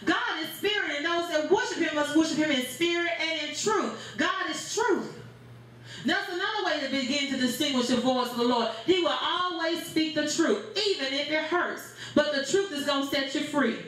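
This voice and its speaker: A woman's voice: high-pitched, moderate pace, fairly bright tone. A woman pastor preaching a sermon in a church, with rhythmic phrasing and call-and-response. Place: church sanctuary. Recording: very echoey church room.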